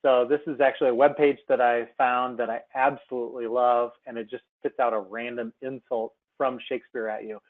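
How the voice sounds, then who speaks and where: A man's voice: mid-range voice, little pitch movement, fairly quick, few pauses. Man on a tinny webinar line. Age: adult. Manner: chatty, many fillers and restarts. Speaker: software seminar presenter. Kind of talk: screen-share webinar demo. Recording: tinny phone-like webinar audio.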